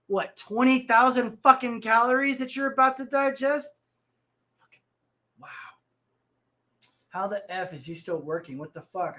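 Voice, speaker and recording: A man's voice: sits high, sharp tone. A man in his thirties hosting a livestream, ranting about the news in a profane, rambling way and reading the chat. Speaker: host.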